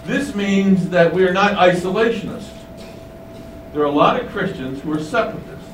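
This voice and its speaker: Emphatic preacher, echoey room. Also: male voice, high voice, lively intonation, far from the mic, slight background noise. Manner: slow, emphatic teaching with rising stresses. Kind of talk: sermon.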